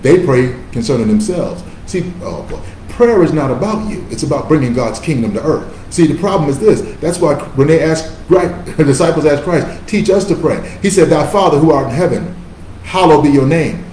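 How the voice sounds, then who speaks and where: A man's voice: on the high side, expressive, normal speed, hardly any pauses, dark tone, echoey room, a little hiss or hum, rough recording. A male pastor preaching a sermon in an emphatic, conversational style, calling on listeners to repeat after him.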